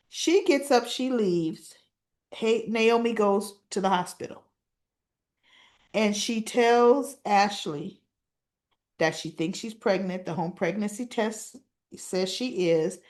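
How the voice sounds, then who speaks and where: A woman's voice: medium pitch, slow, a little mellow. A woman casually retelling soap opera scenes in a chatty storytelling way, often asking "right?" as she goes. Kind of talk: casual recap chat.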